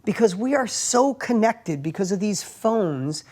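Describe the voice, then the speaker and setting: A man giving a casual motivational talk to camera, telling stories in plain everyday words, often tagging lines with "right?" and swinging between emphatic bursts and hushed asides. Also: high voice, lively intonation, measured pace. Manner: plain everyday wording, frequent "right?" tags. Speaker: motivational speaker and entrepreneur host.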